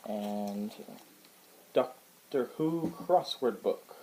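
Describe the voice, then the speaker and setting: A man's voice: lowish voice, lively intonation, drawn-out words, warm tone, a little hiss or hum, poor audio. A man casually showing his book collection to the camera in a rambling, hesitant way, with lots of fillers and restarts. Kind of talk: casual show-and-tell vlog. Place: indoors at home.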